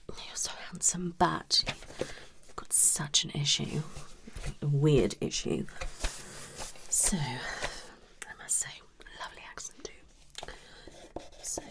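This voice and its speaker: A woman voicing a blunt, flirty, unprofessional psychologist in a soft whispered role-play. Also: on the low side, full character voice. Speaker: ASMR creator.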